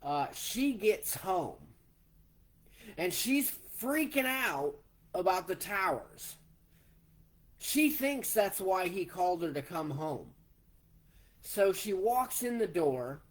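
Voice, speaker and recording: A man in his forties, slowly telling a personal story in a plain way, step by step. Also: high-pitched, big pitch swings. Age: 40s. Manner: slow, plainspoken, retelling step by step. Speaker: vlogger.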